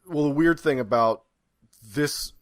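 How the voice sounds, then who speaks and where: Man voicing a baffled male soldier, hesitant, halting, dry close sound. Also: on the high side, dry recording, natural voice.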